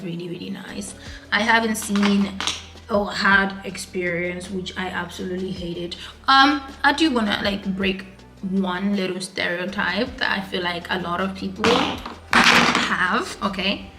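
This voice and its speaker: A woman's voice: medium pitch, unhurried, pushed and bright, soft background music. A young woman, chatting casually in a vlog and rambling with lots of filler words. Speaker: vlogger.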